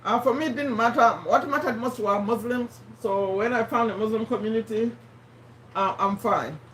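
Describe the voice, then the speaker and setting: A woman's voice: a little high, normal speed, a bit bright, distant mic, a little hiss or hum. Woman hosting a live stream, voice strained and failing, chatty, in a roomy space away from the mic. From Uganda. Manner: chatty, addresses viewers by name, repeats points. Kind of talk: casual live-stream chat.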